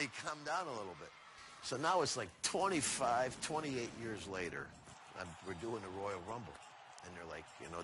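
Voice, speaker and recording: An older man, a retired wrestler, telling a casual anecdote and acting out the dialogue in it. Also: lowish voice. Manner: animated storyteller acting out dialogue.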